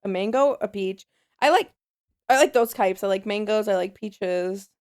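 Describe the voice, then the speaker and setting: A young adult woman co-hosting a podcast, telling stories in a profane, animated casual chat. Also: medium pitch, normal speed, clean tone. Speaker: podcast co-host.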